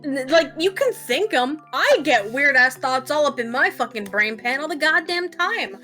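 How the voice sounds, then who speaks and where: A woman co-hosts a game stream in a bright, fairly high voice. She teases her co-host and swears freely. Her manner is casual and quick to argue. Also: lively intonation, faint music behind. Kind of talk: casual chat while playing a game.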